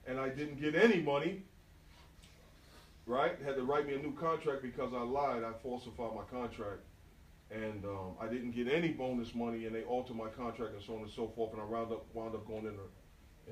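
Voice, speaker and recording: A middle-aged graffiti artist from New York gives a live storytelling talk at an indoor event venue, speaking in a mid-range voice in an animated, slangy style aimed directly at the crowd. The recording was made on a smartphone in the audience from far off, so it sounds roomy.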